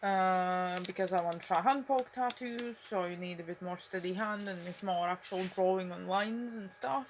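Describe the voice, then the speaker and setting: A young woman talks to her phone camera at home in a lowish, mumbly voice. She rambles loosely through her thoughts, full of fillers. A faint hum of room ambience sits behind her. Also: moderate pace, few pauses. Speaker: vlogger. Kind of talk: casual talk to camera. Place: at home, indoors.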